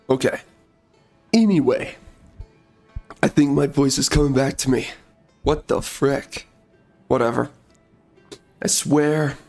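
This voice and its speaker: A man giving casual gameplay commentary, ranting bluntly in a hoarse voice and dropping mild minced swears. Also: mid-range voice, darkish tone.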